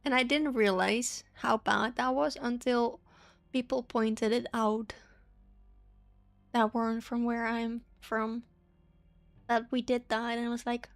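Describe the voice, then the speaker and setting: Chatty woman with a higher voice. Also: flat delivery, a little slow, creaky, long pauses. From Netherlands. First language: Dutch. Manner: chatty, self-deprecating, laughs often. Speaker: streamer. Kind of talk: casual live-stream chat.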